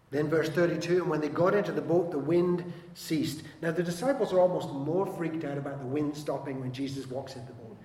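A man preaching a sermon as pastor, animated, acting out quoted voices and swinging between loud and soft. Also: a little high, fairly quick, hardly any pauses, echoey room, long reverb tail, slight background noise.

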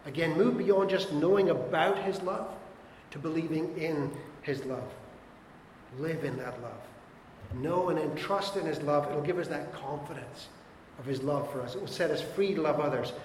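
Man, pastor preaching, fairly high voice, emphatic repeated urgings, roomy hall with long reverb. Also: normal speed, a little hiss or hum. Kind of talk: sermon. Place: church hall.

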